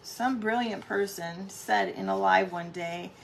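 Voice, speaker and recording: A woman's voice: mid-range voice, unhurried, vocal fry, a little hiss or hum. A middle-aged woman hosting a casual live craft stream at home, chatting with viewers and greeting them by name.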